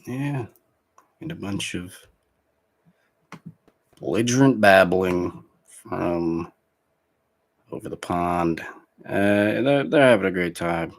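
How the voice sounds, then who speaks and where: A man's voice: low voice, slow, long pauses. A man hosting a vlog, reacting to clips in rambling casual commentary full of fillers and restarts.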